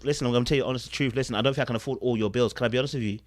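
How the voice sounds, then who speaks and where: Animated man giving commentary. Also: medium pitch, rapid-fire, no echo. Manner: animated, acts out quotes, asks rhetorical questions. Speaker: podcast host reacting to a dating show. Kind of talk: casual commentary.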